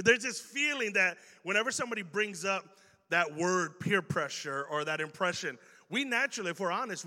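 A young man from Chicago with a Chicago accent, preaching a casual, animated sermon to a youth crowd and acting out quoted exchanges. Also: high voice. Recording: long hall reverb.

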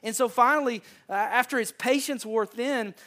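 A man's voice: extremely high pitch, moderate pace, sharp tone. A man with a Southern American accent, preaching a conversational sermon to his congregation, often repeating words and asking the room questions. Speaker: pastor. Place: church sanctuary.

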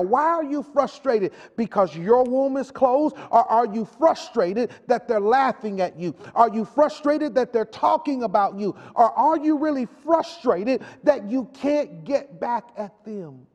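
A man's voice: very high voice, lively intonation, measured pace, hardly any pauses, a little mellow. A male pastor preaching a sermon with a repetitive, call-and-response delivery. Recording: long hall reverb.

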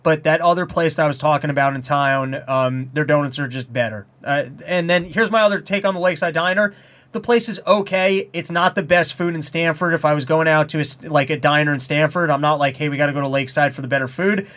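A man, a comedian co-hosting a podcast, chatting casually and telling rambling, animated stories. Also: on the high side, fast. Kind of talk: casual chat.

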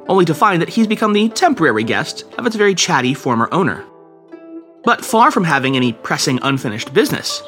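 A man narrating folk ghost tales in a measured, dramatic storytelling manner. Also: sits high, a bit bright. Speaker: podcast storyteller.

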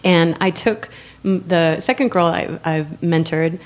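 A woman's voice: lowish voice, a little slow. A woman talking casually in an interview about mentoring girls, telling stories with frequent laughs and fillers. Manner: warm storyteller, laughs often, many fillers.

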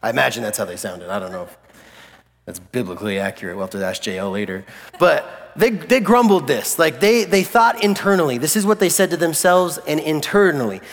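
A man preaching a sermon in a church hall, animated and jokey, acting out the people in his story. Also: a little high, brisk. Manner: animated, jokey, acts out voices of characters. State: recovering from flu. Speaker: pastor. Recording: long hall reverb.

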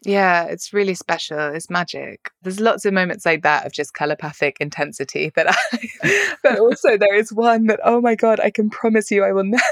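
A British woman co-hosting a book podcast, telling stories in a chatty, animated way and laughing often. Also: medium pitch, moderate pace, dry recording, studio quality. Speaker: podcast co-host. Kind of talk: casual chat.

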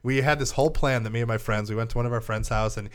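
A man's voice: medium pitch, fairly even intonation, very fast, clear, resonant tone. A man co-hosting a gaming podcast in casual chat, rambling and laughing often as he tells stories. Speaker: podcast co-host.

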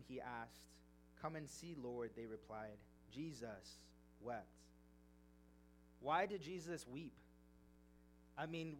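A man's voice: on the high side, a little hiss or hum. A young man preaching a sermon, reading scripture and then telling a personal story in an earnest, emotional way.

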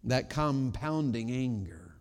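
A man preaching a sermon in a church, swinging between loud emphatic peaks and low quiet asides. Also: expressive, slow. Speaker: pastor. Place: church sanctuary. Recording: long reverb of a large church hall.

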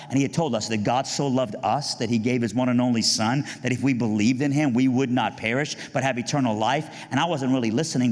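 A man's voice: medium pitch, a little mellow. A man giving a sermon testimony, telling his story and building to fervent preaching. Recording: long hall reverb.

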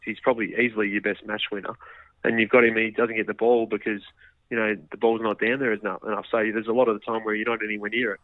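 A man's voice: lowish voice, level tone, fast talker, dry recording. A man, a guest football journalist, talking casually on radio with lots of hedging fillers and restarts. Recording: tinny phone line.

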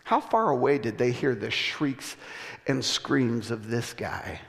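A male pastor telling a story in a sermon, acting out voices with laughter and animated delivery. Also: medium pitch, slow pace, creaky. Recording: long hall reverb.

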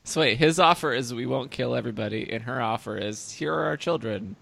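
Gravelly bright-voiced joking man. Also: mid-range voice, brisk, no echo. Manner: joking, playful. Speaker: podcast co-host. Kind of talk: casual group chat.

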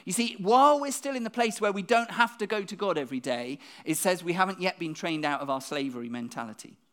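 A preacher delivers a conversational church sermon. They speak quickly, keep asking the congregation questions, and often repeat a word when restarting a thought. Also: mid-range voice, expressive, a bit bright.

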